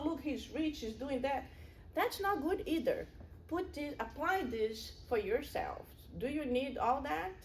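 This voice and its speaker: A woman's voice: fairly high pitch, a little hiss or hum. A middle-aged woman giving a public spiritual lecture in an earnest, conversational way, with personal stories.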